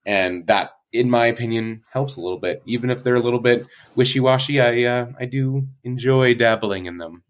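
A man's voice: mid-range voice, moderate pace, hardly any pauses. A man from Canada on a podcast, playful and sarcastic. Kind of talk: casual podcast chat.

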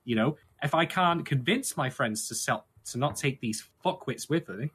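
A man talking through a theory on a casual podcast, his pitch rising and falling widely as he works it out. His voice is bright and a little husky, and he leans on "you know" as he goes. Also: moderate pace. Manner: animated theorizing with frequent fillers. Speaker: podcast co-host. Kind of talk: casual chat.

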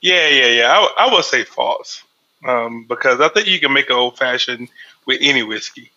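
A podcast co-host with a very sharp, bright voice, heard through a dull, lo-fi microphone. He rambles through his answers with hesitant fillers. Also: mid-range voice, animated, normal speed. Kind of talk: casual chat.

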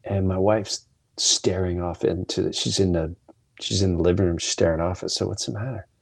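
A man's voice: low voice, little pitch movement, moderate pace, vocal fry. A man hosting a solo podcast, telling candid, emotional stories full of quoted dialogue. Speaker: podcast host. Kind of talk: solo storytelling monologue.

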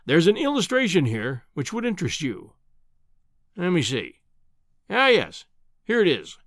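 A man playing a booming, scornful old professor. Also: wildly swooping pitch, a little slow, fairly bright tone, no echo, exaggerated voice. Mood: lecturing. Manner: booming, condescending, triumphant. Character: blustering, scornful older male professor. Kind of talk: audiobook character voice.

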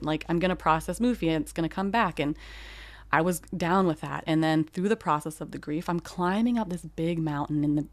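A woman's voice: lowish voice, darkish tone, no echo. A young adult woman, a podcast host, telling a personal story in a candid, emotional way with casual fillers.

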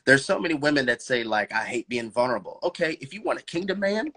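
This fast-talking married man has a medium-pitched, bright, forceful voice with lively intonation as he discusses faith and relationships in a podcast conversation. His delivery is fervent and sermon-like, full of rhetorical questions, laughter, and direct address such as "bro" and "girl."

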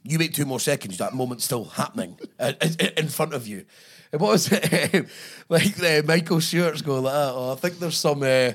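A man's voice: on the high side, expressive, moderate pace, a bit bright, breathy edge. A Scottish man hosting a podcast, chatting casually, swearing and laughing through his stories. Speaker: podcast host. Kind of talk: casual chat.

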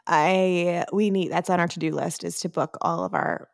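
A woman's voice: on the low side, moderate pace, gravelly, dry recording, clean studio sound. A young woman co-hosting a casual family podcast, chatting in an easygoing way. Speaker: podcast co-host, daughter.

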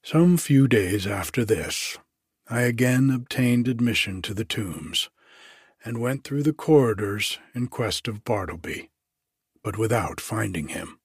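Audiobook narrator, male, measured and slow, low husky voice, dry sound. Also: expressive, dry recording. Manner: measured, deliberate reading. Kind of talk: scripted narration of a classic story.

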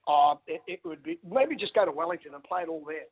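A middle-aged man, a former rugby league player, chatting excitedly as a radio guest, stumbling over restarts and calling everyone mate. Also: fairly high pitch, quick pace, gravelly, breathy edge. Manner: excitable, stammering restarts, says mate a lot. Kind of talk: casual radio phone interview. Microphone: phone. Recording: phone-line audio.

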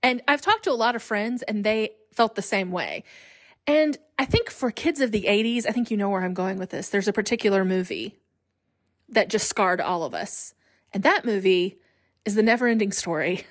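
Woman in her 40s, solo podcast host, lively and chatty, mid-pitched voice. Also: normal speed. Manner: chatty, animated, laughs often.

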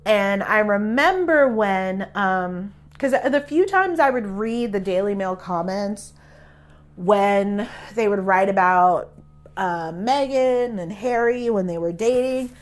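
Young woman podcast host, casual rambling review, frank talker who swears freely, mid-pitched voice. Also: lively intonation, slow, soft background music. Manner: blunt, chatty, swears freely; filler-heavy with frequent laughs. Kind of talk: casual stream-of-consciousness review.

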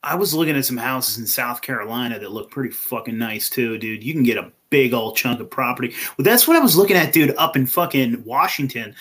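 A man co-hosting a podcast, talking in a rambling, profane, excitable way. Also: mid-range voice, a little fast, few pauses. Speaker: podcast co-host. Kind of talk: casual podcast chat.

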